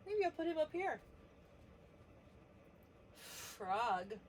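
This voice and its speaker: A woman leads a preschool letter lesson, speaking slowly and gently as she sounds out each letter. Her voice sits a little high. A faint hiss runs under the recording. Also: animated. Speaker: children's teacher.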